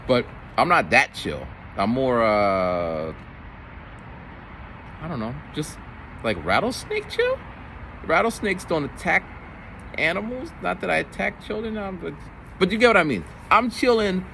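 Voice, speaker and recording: A man in his forties, a middle school teacher, telling stories from his week in a casual, animated way. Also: unhurried, creaky, pauses often, a little hiss or hum. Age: 40s. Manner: animated, jumps into high voices for quoted kids. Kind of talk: casual storytelling vlog.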